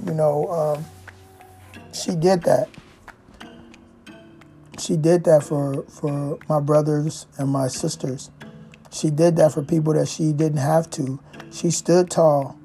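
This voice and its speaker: A woman telling a reflective personal story in a rambling way, often pausing on "you know" and restarting her sentences. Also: low-pitched, creaky, warm tone. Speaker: speaker sharing life story.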